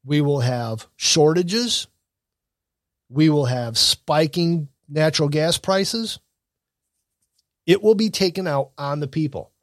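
A man, fairly high for a man, talking through the news and politics in a blunt, opinionated way. He rambles and restarts his sentences. The sound is dry and close, with no room in it. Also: slow, pauses often, dry recording. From Michigan. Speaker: commentary show host. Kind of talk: casual news and political commentary.

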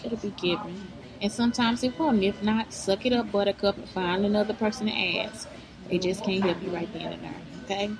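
A woman's voice: medium pitch, steady tone, fairly quick, crowd noise, poor audio. A woman giving blunt, profane motivational advice straight to her viewers, in a preachy vlog style. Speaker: vlogger giving life advice.

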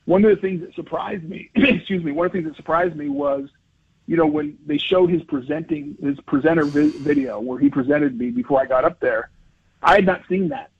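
A man in his fifties, a former football lineman, telling personal stories as an interview guest in an earnest, animated way with many restarts. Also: fairly high pitch, a little fast, gravelly, husky, no echo. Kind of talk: conversational interview storytelling. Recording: dry, phone-like radio line.

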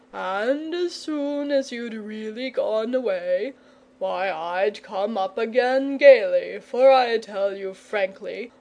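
Woman doing a polite coy dragon guy from a storybook, slow and fussy, higher voice. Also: a little mellow. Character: genteel, nervous, stubborn male dragon.

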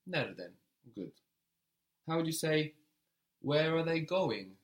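A man's voice: fairly high pitch, expressive, slow. A man teaching a language lesson, patiently prompting a student and repeating her answers.

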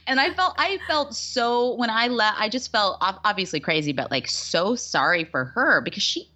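A woman co-hosting a podcast, chatting casually and telling animated stories, acting out the people she quotes. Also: on the high side, a little fast. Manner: animated, laughing storyteller who acts out quotes. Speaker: podcast co-host. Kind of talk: casual chat.

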